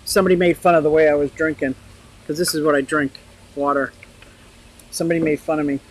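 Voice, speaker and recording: A woman's voice: low-pitched, fairly even intonation, quick pace, a little hiss or hum, low-quality recording. An older woman hosting a casual live chat outdoors by a pond, talking freely, laughing often and answering viewers' comments. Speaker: livestream host.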